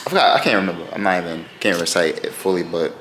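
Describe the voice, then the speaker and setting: Low-voiced New man telling a story. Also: quick pace, a bit bright, slight background noise. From New York. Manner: loose, rambling, slangy retelling. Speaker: vlogger. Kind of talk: casual storytime vlog.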